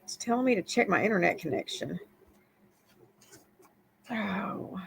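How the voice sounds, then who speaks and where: A woman's voice: medium pitch, animated, a little slow, vocal fry, slight background noise. A woman hosting a live stream in casual, laid-back chat, laughing often.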